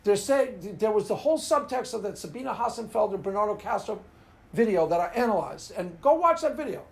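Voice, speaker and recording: A man's voice: high voice, very animated, a little fast, gravelly. A man hosting his own video, ranting casually and rambling, often laughing at his own jokes. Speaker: video host.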